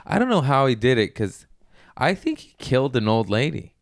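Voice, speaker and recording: A man hosting a casual podcast as a comedian, telling rambling, profane stories with excitable bursts. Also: medium pitch, normal speed, no room sound, clean studio sound.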